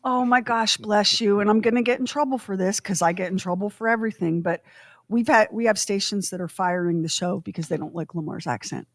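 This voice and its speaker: A woman's voice: medium pitch, fairly quick, dry recording. Lady on radio, fed up and sarcastic, dry close mic. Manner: exasperated, sarcastic rant with laughs. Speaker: radio show co-host. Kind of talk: casual radio chat.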